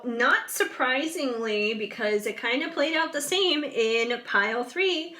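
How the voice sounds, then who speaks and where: A woman's voice: fairly high pitch, sharp tone. Chatty female tarot reader talking straight to viewers, rambling, full of fillers, a bit yawny. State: yawning. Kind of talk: casual tarot reading to viewers.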